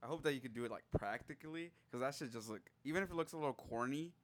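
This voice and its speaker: A man's voice: medium pitch, rapid-fire. A man co-hosting a comedy podcast, reacting eagerly in slangy casual chat. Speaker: podcast co-host.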